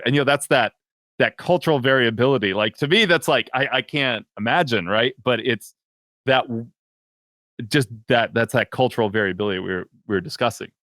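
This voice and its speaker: A man's voice: medium pitch, moderate pace, a bit bright, no room sound, clean studio sound. A man hosting a podcast, talking casually and hesitantly with many fillers and restarts. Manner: rambling, hesitant, filler-heavy. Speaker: podcast host.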